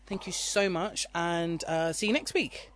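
A woman co-hosting a podcast in casual chat, excitable and quick to laugh. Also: on the low side, slight background noise. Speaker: podcast co-host.

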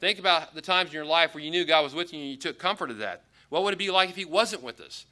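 A man pastor gives a conversational sermon in an auditorium. His voice is very bright and a little high. He acts out the scripture quotes with rising emphasis. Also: fast talker.

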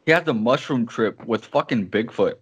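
A man's voice: mid-range voice, expressive, normal speed, slightly rough, highs cut off. A man chatting loosely on a podcast, cursing often and calling the others "bro" as he gives advice. His speech is unpolished and conversational. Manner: swears a lot, says "bro". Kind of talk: casual podcast chat.

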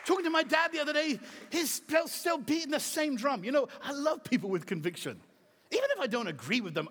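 A middle-aged man preaching a sermon as pastor, emphatic and swinging from soft to shouting. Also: high-pitched, slightly rough. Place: church auditorium. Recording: reverberant hall.

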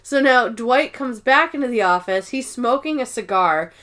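A woman's voice: fairly high pitch, moderate pace. A woman co-hosting a podcast, chatting casually as she recaps an episode, acting out lines and swearing freely. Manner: animated retelling, acting out character lines in playful voices. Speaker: podcast co-host.

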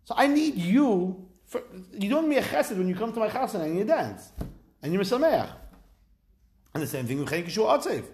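Man, Torah teacher, high voice, very animated pitch, conversational. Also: brisk. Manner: lively, conversational, mixes Hebrew phrases into English. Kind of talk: informal Torah class.

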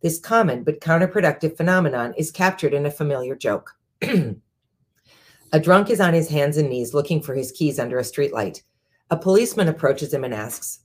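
This host, who is also a CEO, has a low voice and reads book excerpts in a calm, even manner. Every so often she stops to drop in offhand remarks of her own.

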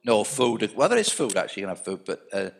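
A man's voice: fairly low pitch, very animated, fast talker, vocal fry. A man in his sixties telling anecdotes in a casual chat, often restarting his sentences. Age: 60s.

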